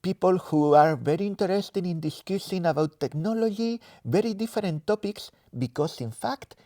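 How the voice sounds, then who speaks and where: Man with a Spanish-French accent, mellow. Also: high voice, normal speed, dry recording, studio quality. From Spain. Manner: relaxed, self-deprecating, searching for words. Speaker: interview guest, developer advocate. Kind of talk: casual interview answers. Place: conference venue in a cinema.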